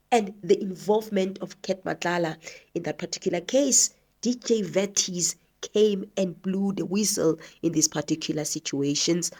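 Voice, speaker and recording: A woman's voice: lowish voice, darkish tone, breathy edge. A woman commentating on the news, reading from articles in an earnest, emphatic way.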